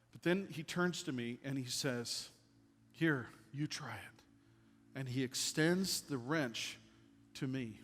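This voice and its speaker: A man delivering a storytelling sermon with a slightly raised pitch. His voice carries a long reverb in a church hall. He is animated and drops to a hush when quoting others. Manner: animated, drops to a hushed voice for quoted lines. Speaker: pastor. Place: church sanctuary.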